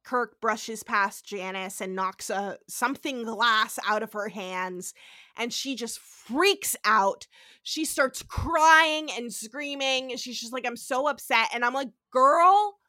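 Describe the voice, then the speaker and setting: A woman's voice: on the high side, slow pace, sharp tone, dry recording, studio quality. A woman co-hosting a podcast in casual chat, talking in a chatty way, swearing freely and acting out quotes. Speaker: podcast co-host.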